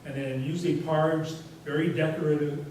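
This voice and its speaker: A man's voice: a little high, fairly even intonation, normal speed, a little mellow. A man giving a presentation to a society, telling rambling anecdotes in a casual way with lots of fillers. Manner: rambling, anecdotal, frequent "you know" fillers. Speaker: guest speaker. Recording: echoey hall from far off, faint hiss.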